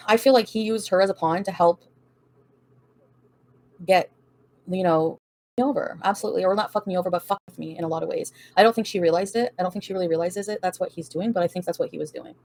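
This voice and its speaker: A woman's voice: lowish voice, fast talker, long pauses, darkish tone. Woman, livestream host, casual chat, profane, defiant, laughs a lot.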